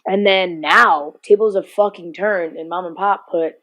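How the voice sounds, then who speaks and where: A woman's voice: lowish voice, steady tone, measured pace, a bit bright. A young woman co-hosting a podcast in casual chat, telling stories at length, often laughing and swearing freely. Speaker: podcast co-host.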